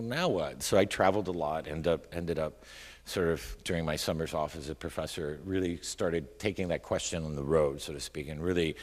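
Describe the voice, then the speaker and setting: A middle-aged man, a featured poet, introducing and reading his poetry in a conversational, self-deprecating way, often checking in with "right?". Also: extremely low pitch. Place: arts center hall, before a live audience. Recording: long hall reverb from a live venue.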